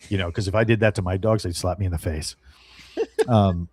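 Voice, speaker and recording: Low, husky rambling storyteller man. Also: normal speed. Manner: rambling, animated storyteller with many fillers and restarts. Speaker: guest, dog handler. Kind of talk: casual podcast storytelling.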